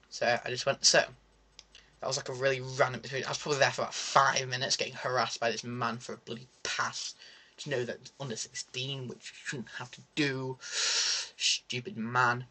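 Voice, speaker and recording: A young man talks straight to camera in a casual vlog, sarcastic and animated. His voice is bright and forward, set at an ordinary middle pitch. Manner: animated, sarcastic ranting with mock French asides. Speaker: vlogger.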